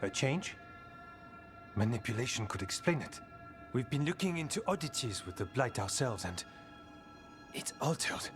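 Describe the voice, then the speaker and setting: An actor voicing a thoughtful, wry man warden in a video game, measured in his speech. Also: medium pitch, big pitch swings, lightly acted. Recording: game audio with music.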